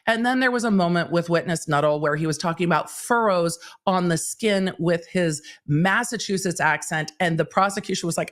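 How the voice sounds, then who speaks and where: A woman with a slightly low voice hosts a casual livestream about a court case. She talks in a chatty, animated way and slips into quoted voices as she retells moments. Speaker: legal commentator and livestream host.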